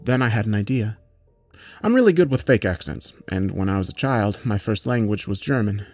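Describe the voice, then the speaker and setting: A man narrating a horror story in a measured, matter-of-fact way, with occasional swearing. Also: lowish voice, lively intonation, darkish tone, no echo, soft background music.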